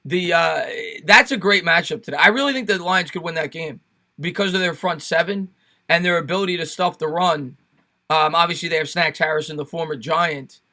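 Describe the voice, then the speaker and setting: A man's voice: a little high, fairly quick, sharp tone. A young man with a New York accent hosting a casual sports live stream, chatting with viewers and thanking them by name.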